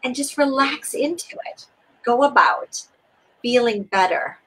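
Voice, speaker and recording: A woman co-hosts a spiritual teaching conversation and guides the listener through steps. She talks in an expressive, soothing, repetitive way. Her voice is slightly husky, and her pitch swings widely. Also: unhurried, poor audio. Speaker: co-host.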